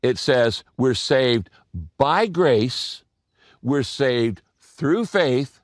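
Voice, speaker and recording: A man preaching a sermon as a pastor, telling stories, speaking straight to his listeners, repeating key lines and dropping his voice low to press a point home. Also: lively intonation, extremely slow, no echo, studio quality. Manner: earnest, direct address to listeners.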